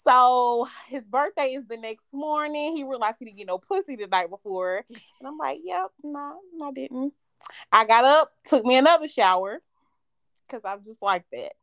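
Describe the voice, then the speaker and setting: A woman's voice: high-pitched, lively intonation, moderate pace, fairly bright tone, no room sound, clean studio sound. A woman in her thirties, co-hosting a podcast, tells a long profane story in casual chat and laughs often as she talks. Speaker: podcast co-host.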